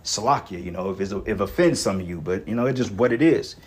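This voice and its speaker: Male online preacher, husky voice, blunt and rough-spoken. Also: lowish voice, expressive, fast, darkish tone. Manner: blunt, rough-talking, profane. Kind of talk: profane street-preaching rant.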